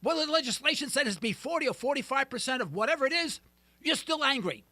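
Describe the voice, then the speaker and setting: A man's voice: very high-pitched, lively intonation, fast talker, sharp tone, no echo. A middle-aged man hosting a talk radio show, ranting emphatically and poking fun at himself. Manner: emphatic, ranting, self-deprecating. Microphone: studio mic.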